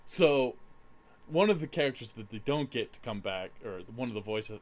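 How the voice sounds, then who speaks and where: A man's voice: mid-range voice, expressive, moderate pace. A man from Canada co-hosting a podcast, chatting casually and walking through plot details. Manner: easygoing, explains plot points at length. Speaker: podcast co-host. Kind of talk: casual chat.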